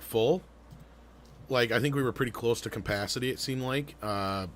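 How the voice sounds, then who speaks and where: A man's voice: medium pitch, slight background noise. A man co-hosting a live online talk show, chatting casually, rambling with fillers, restarts and the odd swear. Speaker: podcast co-host. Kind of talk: casual live-stream chat.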